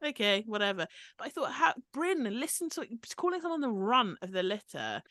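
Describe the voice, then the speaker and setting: A woman's voice: high-pitched, brisk, no echo. A woman co-hosting a podcast, chatting casually and animatedly about a reality show. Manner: chatty, animated, quotes people in mock voices. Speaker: podcast co-host.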